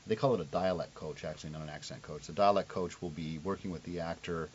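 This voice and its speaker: A man who is a television director, talking in a relaxed, joking way. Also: low-pitched, quick pace. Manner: relaxed, joking, laughs easily. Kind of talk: casual conversation. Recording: lo-fi with faint hiss.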